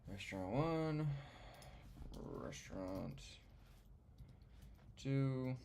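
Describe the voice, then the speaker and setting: A man's voice: medium pitch, expressive, extremely slow, gravelly, a little mellow, slight background noise. A man working through coding exercises and thinking aloud in a loose, muttering way, often trailing off. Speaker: beginner programmer. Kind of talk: casual screen-recorded coding session.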